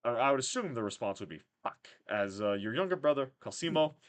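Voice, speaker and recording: A man game-mastering a tabletop session on a casual stream, narrating with a joking, self-deprecating edge. His pitch moves in lively swings. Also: fast.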